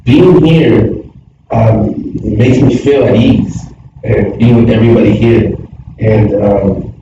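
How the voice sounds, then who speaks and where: A man's voice: on the low side, slow pace. A middle-aged man earnestly sharing his reflections with a church group, rambling with many fillers. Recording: echoey room from far, dull sound, noisy.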